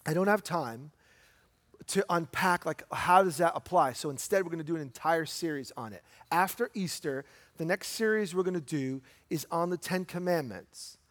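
High-voiced pastor in a hall. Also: male voice, a bit bright. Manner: conversational, rhetorical questions, slows for emphasis. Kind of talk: sermon. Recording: long hall reverb.

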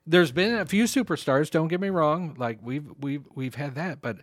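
A man co-hosts a podcast, chatting casually and teasing his co-host. His voice sits on the high side and moves at a moderate pace. The studio sound is clean, with no room echo.

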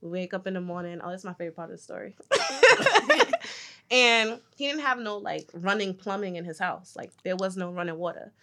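A woman casually telling a long travel story on a podcast, animated and laughing often, acting out what others said. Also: mid-range voice, normal speed. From United States. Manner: animated, laughs often, acts out quoted voices.

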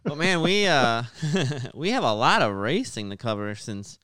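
Slow-talking man on a racing podcast. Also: mid-range voice, no room sound, clean studio sound. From United States. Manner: announcer-style intro, then relaxed chat reading results. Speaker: podcast co-host. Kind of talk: casual racing podcast chat.

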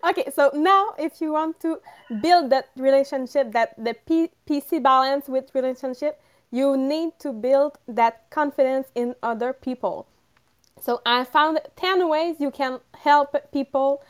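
A woman's voice: high-pitched, measured pace. A woman with a French accent, co-hosting a live podcast, cheerful and giggly as she talks listeners through a list of tips. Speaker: podcast co-host. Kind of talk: casual live podcast talk.

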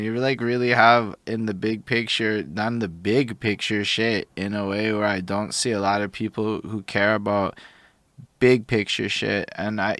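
A man with a lowish voice chatting as host, relaxed and affirming. The sound is dry and close. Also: no room sound. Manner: easygoing, affirming, says facts. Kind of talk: casual chat.

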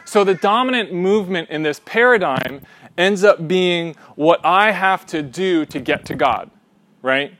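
A young man leading a teaching discussion, animated and often checking in with a quick "right?", sometimes restarting mid-sentence. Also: high voice. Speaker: class leader.

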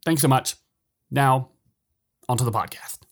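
Relaxed male podcast co-host. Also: mid-range voice, a little slow. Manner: relaxed, rambling, self-deprecating. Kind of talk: casual bilingual podcast chat.

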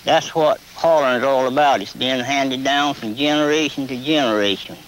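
A man's voice: moderate pace, fairly bright tone, slight background noise, low-quality recording. A man, telling plainly how country folk hollered to each other. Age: 70s. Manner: plain-spoken, demonstrates long high hollers. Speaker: traditional holler caller. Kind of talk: folksy storytelling with hollering calls.

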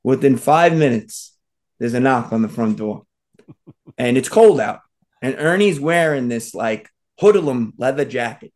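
A man's voice: medium pitch, lively intonation, a little slow, a little mellow. A man on a podcast telling a long story in a rambling way, full of fillers and restarts. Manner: rambling, full of "like" and "you know". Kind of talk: casual storytelling chat.

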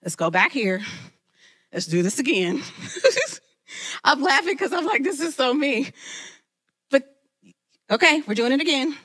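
A woman who leads a ministry, preaching a lively sermon and talking straight to her listeners. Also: high-pitched, moderate pace, long pauses. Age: adult, mother of children. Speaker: women's ministry leader.

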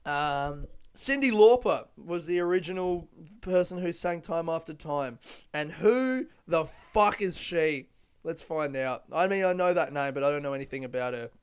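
A man's voice: fairly high pitch, animated, moderate pace, clean tone. A young man hosting a podcast, chatting casually on his own, rambling, swearing freely and breaking into his own jokes. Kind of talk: casual solo chat.

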